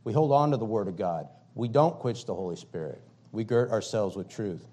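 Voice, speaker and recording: An expressive male pastor preaches fervently at a normal speed. He leans on emphasis and repetition, alternating loud declarations with subdued, low passages.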